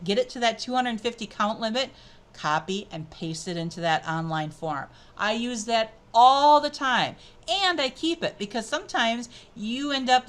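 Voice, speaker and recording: A woman presenting an upbeat, chatty software tutorial as she clicks through a screencast. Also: medium pitch. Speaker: edtech presenter.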